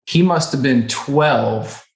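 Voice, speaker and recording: A man's voice: mid-range voice, slow. A man in his thirties, a podcast guest telling a personal story in an earnest, emotional way, often checking in with "right?" and "okay?". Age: 30s. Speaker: podcast guest, recovery center co-owner. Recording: roomy echo on the voice.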